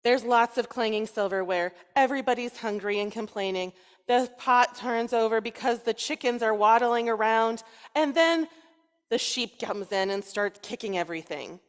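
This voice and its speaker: A woman rabbi telling a story to children during a service, lively and playful as she coaxes them to join in. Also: fairly high pitch, normal speed, clear, resonant tone. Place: synagogue sanctuary. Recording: long reverb in a large hall.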